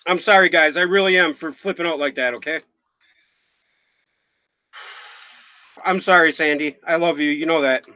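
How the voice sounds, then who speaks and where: Bright-voiced man rambling apologetically. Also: on the high side, unhurried, long pauses, dry recording, dull audio. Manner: apologetic, rambling, swears often. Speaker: livestream host. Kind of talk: emotional livestream chat. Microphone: phone.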